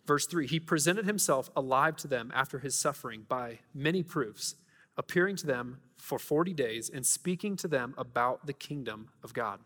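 A man preaching a conversational sermon, asking his listeners rhetorical questions and moving between lively storytelling and quiet scripture reading. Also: mid-range voice, moderate pace, in a large hall. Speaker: pastor.

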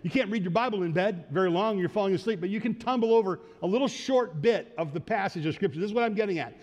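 A pastor preaching an earnest sermon, dropping low and soft for quoted words and rising for exhortation. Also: male voice, fast talker, highs cut off. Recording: long hall reverb.

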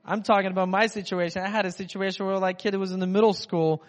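A man's voice: high-pitched, fairly even intonation, quick pace. A man from Russia giving a casual, chatty sermon in a rambling, conversational way. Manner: chatty, rambling, acts out inner voices. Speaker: preacher. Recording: dull sound with long hall reverb.

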